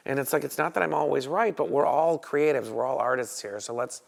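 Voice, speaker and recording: Gravelly-voiced man telling lively stories. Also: medium pitch, brisk. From Chicago, USA. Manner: animated storyteller who acts out other people's lines. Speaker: guest, photographer. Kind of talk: casual storytelling interview.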